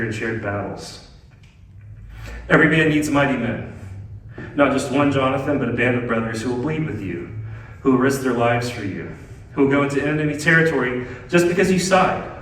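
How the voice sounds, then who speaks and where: A man preaching a sermon as pastor, swinging between loud emphatic lines and hushed ones. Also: medium pitch. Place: church sanctuary. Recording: very echoey church hall, mic at a distance.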